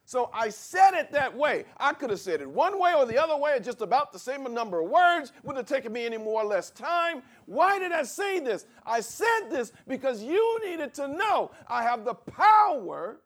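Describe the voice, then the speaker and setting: A man's voice: very high voice, big pitch swings, moderate pace, few pauses, a bit bright, voice pushed up, full character voice. A man preaching in the voice of Jesus, an earnest teacher explaining who he is. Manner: earnest, explaining himself directly. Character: Jesus, grown man, patient authoritative teacher.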